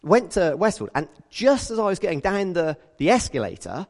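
A British man preaches in an easy, conversational way, telling everyday stories and slipping into the voices of the people in them. His pitch rises and falls a great deal as he goes. The sound rings with the long echo of a church hall. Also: normal speed. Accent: British English. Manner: lively storytelling, acts out quoted people. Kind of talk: conversational sermon.

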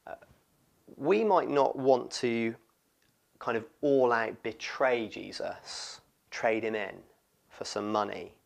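A man preaching a sermon, expressive and lively, often acting out what people in the story say. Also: medium pitch, slow pace, creaky, pauses often. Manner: expressive, acts out quoted voices.

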